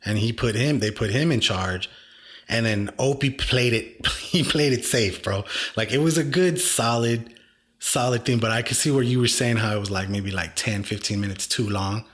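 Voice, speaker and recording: A man's voice: medium pitch, moderate pace, fairly bright tone. A man with an American accent co-hosting a casual podcast, rambling in a laid-back way with lots of filler words. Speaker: podcast co-host. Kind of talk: casual chat.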